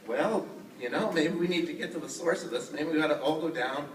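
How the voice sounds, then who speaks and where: A man's voice: fairly high pitch, fairly quick, reverberant, recorded from a distance, slight background noise, lightly acted, poor audio. A man doing Clyde the easygoing orangutan. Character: cheerful, reasonable male orangutan.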